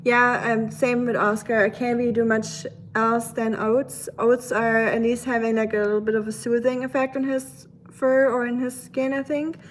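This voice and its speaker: A woman's voice: a little high, level tone, moderate pace, few pauses, slight background noise. Chatty German-accented woman streamer. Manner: chatty, many fillers, reads out viewer comments. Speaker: live streamer. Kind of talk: casual chat with viewers.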